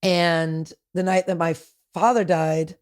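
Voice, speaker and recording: A woman's voice: fairly low pitch, little pitch movement, slow. Rambling, chatty woman guest. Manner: rambling, restarts, many fillers. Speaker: podcast guest. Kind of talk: casual conversation.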